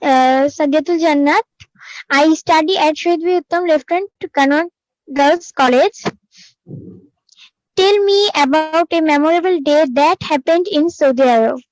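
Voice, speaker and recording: A woman's voice: sits high, unhurried, no room sound, poor audio. A young woman student politely and eagerly asking her teacher a question on a video call.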